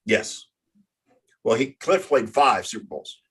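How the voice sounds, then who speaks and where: A man hosting a casual sports talk show, halting and often stumbling over his words. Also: medium pitch, animated, fairly bright tone, breathy edge. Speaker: sports podcast host.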